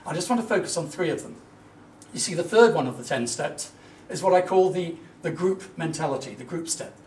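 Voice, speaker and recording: A middle-aged man delivers a motivational business talk with a fairly high voice, full of earnest, emphatic storytelling. He is heard from a little way off in an echoey hall, with faint room ambience behind him. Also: expressive, fairly quick, darkish tone, far from the mic, slight background noise. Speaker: business speaker.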